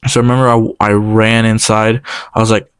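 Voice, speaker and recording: Young man, casual storyteller, clear smooth voice, dry close sound, acts out the dialogue. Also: on the low side, no echo. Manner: animated, quoting others in quick exchanges.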